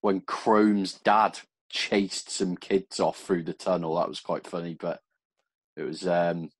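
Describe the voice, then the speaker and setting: A man's voice: low voice, level tone, takes it slowly, slightly rough, no room sound. A man hosting a podcast interview, asking questions in an easygoing, hesitant way with many fillers. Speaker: podcast host. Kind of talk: casual interview chat.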